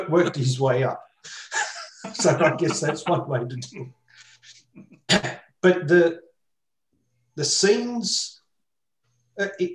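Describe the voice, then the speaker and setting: A man's voice: medium pitch, reverberant, rough recording. An Australian man chatting casually on a panel over a video call, rambling with many fillers. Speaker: panel guest.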